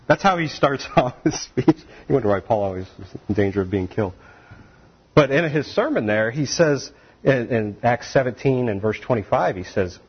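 Male preacher, husky voice, animated and conversational, muffled lo-fi recording. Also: lowish voice. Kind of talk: sermon.

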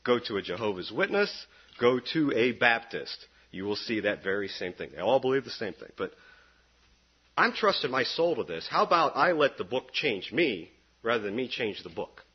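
A man preaching a sermon in an animated, sarcastic way, with sudden jumps up in pitch. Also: normal speed, breathy edge, muffled recording.

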